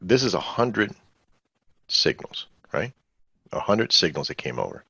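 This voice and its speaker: A man's voice: deep voice, sing-song, unhurried, vocal fry, pushed and bright, breathy edge, dry recording, lo-fi sound. A man hosting a live trading webinar, talking in a rambling, conversational way and quizzing his audience. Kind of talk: casual live webinar teaching.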